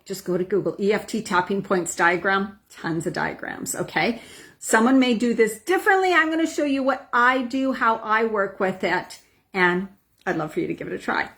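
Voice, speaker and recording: A middle-aged woman teaching a calming technique, speaking earnestly and checking in with the viewer with frequent "right?" and "okay?". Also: mid-range voice, normal speed. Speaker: wellness coach. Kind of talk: instructional talk with demonstration.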